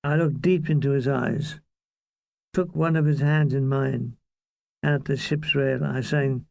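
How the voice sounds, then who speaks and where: A man narrating his own war memoir as an audiobook, with deadpan, irreverent comic delivery. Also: mid-range voice, unhurried, vocal fry, no room sound.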